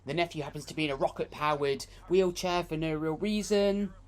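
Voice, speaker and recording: A woman's voice: low voice, fairly quick. A woman from the United Kingdom co-hosting a film review with sarcastic, mocking commentary. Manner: dry, mocking asides, frequent laughs.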